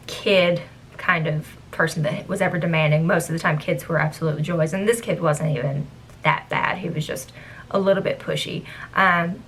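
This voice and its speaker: A woman's voice: on the low side, slight background noise, poor audio. A young woman, a former theme park cast member, casually tells a work story and acts out the people she quotes. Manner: animated, acts out quoted guests.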